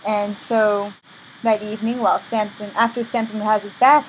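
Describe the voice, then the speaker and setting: A woman's voice: medium pitch, little pitch movement, normal speed, a little hiss or hum, poor audio. Playful woman retelling a story. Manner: playful and irreverent, with restarts. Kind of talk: comic casual story retelling.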